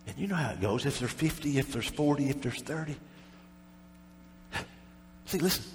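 A man preaching a sermon, telling a story and then swinging between loud fervent passages and quiet, intense ones. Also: mid-range voice, lively intonation, moderate pace, big-room sound, slight background noise. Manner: swings from shouted fervor to hushed intensity.

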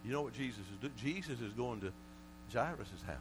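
A male preacher delivering a sermon, swinging from quiet, low passages to loud shouted calls and often repeating words. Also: expressive, a little fast. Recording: mains hum under the voice.

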